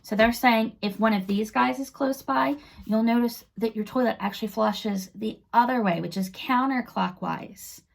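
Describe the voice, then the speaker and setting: A woman's voice: a little high, moderate pace, gravelly, few pauses. A middle-aged woman reading a children's book aloud, chatting about the pictures and explaining the story as she goes. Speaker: read-aloud narrator for children.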